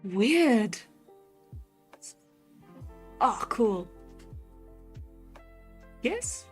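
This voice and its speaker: A woman's voice: a little high, very animated, very slow, husky. Chatty South African woman streamer. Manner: chatty, laughs often, many fillers. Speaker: livestream host. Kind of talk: casual chat, reading out chat comments. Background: faint background music.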